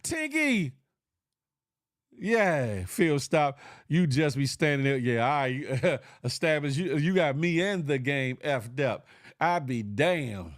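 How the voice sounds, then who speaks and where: A man with a fairly high voice hosts a casual livestream show. He jokes in slang and calls out viewers by name. The sound is dry and close. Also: sing-song, takes it slowly, dry recording. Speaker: morning show host.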